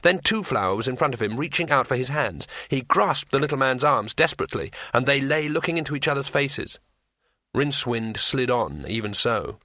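Man, audiobook narrator, bright tone, dry close sound, dramatic pacing. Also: mid-range voice, expressive, dry recording. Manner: measured, dramatic storytelling.

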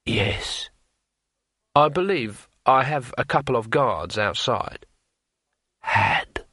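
A man voicing a calm, cold male assassin who speaks low, quietly and in clipped words. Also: slow pace, slightly rough, no room sound, studio quality, heavily acted. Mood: deadpan.

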